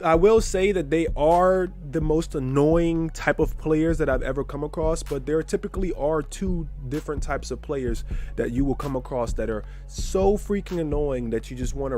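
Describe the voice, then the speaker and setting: A gaming YouTuber with a medium-pitched, slightly mellow voice commentates on gameplay. He's brash and profane, trash-talking his opponent with lots of swearing.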